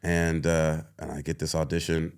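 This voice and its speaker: A man in his thirties, an actor guest on a podcast, telling animated stories, laughing often and acting out other people's lines. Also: normal speed, clean tone. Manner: laughs often, acts out others in high voices. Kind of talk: animated storytelling.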